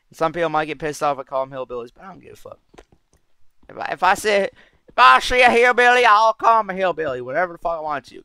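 A man's voice: medium pitch, pushed and bright, smooth, dry recording. A man giving casual gameplay commentary as a channel host, brash and profane, rambling as he plays.

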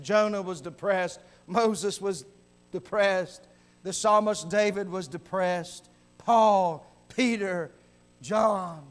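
A man preaching a revival sermon in a church, building from calm talk to shouted, fervent preaching. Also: high-pitched. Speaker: visiting preacher. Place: church sanctuary.

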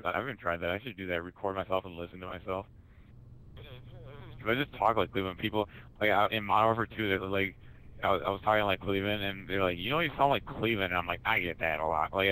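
Casual man, low-pitched yet sharp-toned, rambling chat, laughs a lot. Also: little pitch movement, racing, clean tone, poor audio. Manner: giggly, rambling, self-interrupting. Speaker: amateur impressionist. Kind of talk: casual chat between impressions.

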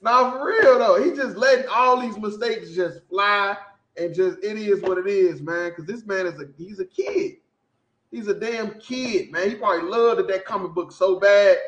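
A man hosting a podcast, talking in casual, profane, animated commentary and laughing often. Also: high voice, normal speed, roomy sound. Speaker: podcast host.

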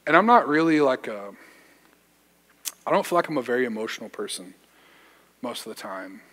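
A man's voice: mid-range voice, sing-song, normal speed, a bit bright. Young man preaching casually in reverberant church. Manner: casual storytelling, slangy, self-deprecating humor. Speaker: youth pastor. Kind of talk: sermon. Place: church sanctuary.

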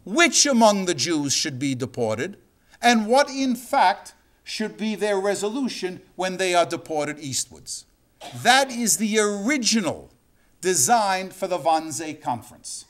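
Animated man giving a history lecture. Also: measured pace. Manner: dramatic, acts out quotes with sweeping pitch. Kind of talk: university lecture.

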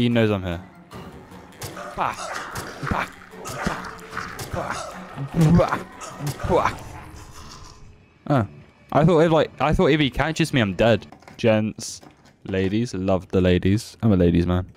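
A young man giving casual, joking commentary while streaming a horror game. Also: lowish voice. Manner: joking, playful, excitable.

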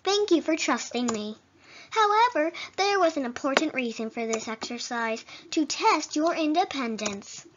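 A woman reading aloud the lines of a gentle, motherly goat-monster caretaker from a video game. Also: high-pitched, expressive, moderate pace, a little hiss or hum. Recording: dull lo-fi recording.

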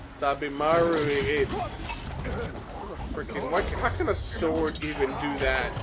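A man hosting a casual anime reaction, excitable, swearing and yelling at the screen. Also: on the high side, slow, heavy background noise.

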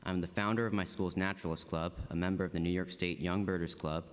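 A man's voice: sits low, fairly even intonation, quick pace, clear, resonant tone. A teenage boy earnestly reading prepared testimony as a student witness. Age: teens. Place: council chamber. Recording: long reverb in a hall.

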